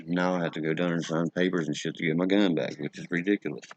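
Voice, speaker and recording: A man's voice: sits low, steady tone, fast talker, breathy edge, no room sound, highs cut off. A man with a West Virginia accent hosting a livestream, ranting profanely and answering chat. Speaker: livestream host. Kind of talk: casual livestream chat, reading the chat.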